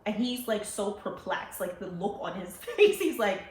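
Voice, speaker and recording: Animated woman telling a personal story. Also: mid-range voice, moderate pace. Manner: animated, laughing, acting out quoted voices. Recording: roomy echo with faint ambience.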